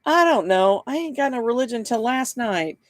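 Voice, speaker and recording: A man's voice: very high-pitched, lively intonation, moderate pace, no room sound, studio quality, voice pushed up. A man reading aloud voices a cheerful, simple-minded young male suspect who drawls in loose street grammar. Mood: grinning.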